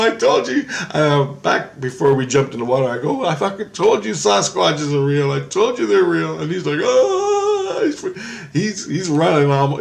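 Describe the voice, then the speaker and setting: A vlogger with a mid-range voice recounts a story casually, full of excitement and profanity. When quoting people, he switches into a raised voice.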